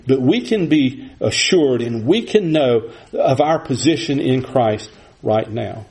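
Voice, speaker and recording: A man's voice: medium pitch, lively intonation, slow pace, darkish tone, low-quality recording. A man preaching an earnest expository sermon, often restarting his phrases as he explains a verse. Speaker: pastor.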